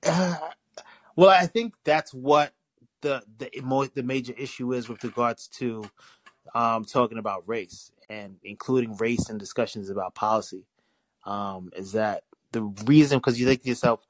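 Young male caller, casual and rambling, ordinary pitch, dry close sound. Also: moderate pace, no echo, rough recording. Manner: rambling, restarts often, animated storytelling. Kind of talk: casual call-in chat.

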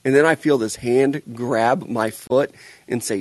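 A man's voice: medium pitch, steady tone, moderate pace, no echo. Thirty-something guy on a podcast, joking around and cussing, dry close mic. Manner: joking, storytelling, swears freely. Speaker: podcast co-host. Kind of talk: casual podcast banter.

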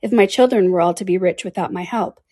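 A woman reading aloud, voicing a gentle, motherly older woman in a mild, even tone. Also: lowish voice, fast, husky, dry recording, studio quality.

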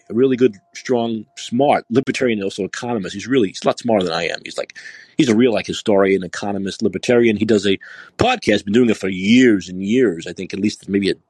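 Husky low-voiced man hosting call-in podcast. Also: darkish tone, dry recording. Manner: rambling, restarts often, sarcastic. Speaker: podcast host. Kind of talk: casual live call-in podcast. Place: San Francisco.

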